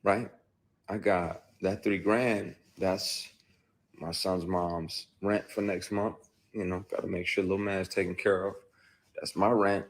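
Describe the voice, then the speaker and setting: A man, an actor, speaking candidly about a personal experience, telling it bluntly with frequent cursing and swinging between quiet brooding and loud bursts. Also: sits low, little pitch movement, measured pace. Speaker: actor recounting his experience.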